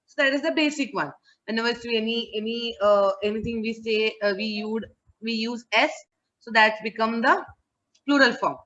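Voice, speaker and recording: This English teacher has a fairly high, fairly bright voice and talks at normal speed while teaching online. She patiently repeats words and checks that students are following, over muffled video-call audio.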